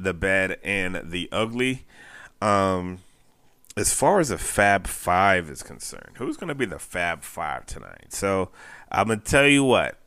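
A man's voice: deep voice, pushed and bright, no echo. A man hosting a casual post-game basketball recap, chatty, repeating phrases and chuckling often. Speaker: basketball fan show host.

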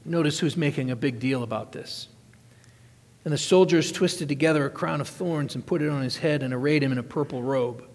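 A man's voice: on the high side, brisk, a little mellow. Emphatic male preacher in a reverberant hall. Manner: reads scripture aloud, then explains it with emphatic repetition. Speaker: pastor. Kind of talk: sermon.

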